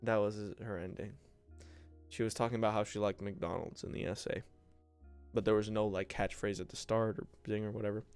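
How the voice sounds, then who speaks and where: A young podcast host spins loose, joking stories about school, throwing in "bro" and playing the people he talks about. His voice is smooth with a gravelly fry. Soft music plays faintly behind him. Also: on the low side, fairly even intonation, a little fast. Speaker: podcast host and content creator. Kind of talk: casual solo podcast storytelling.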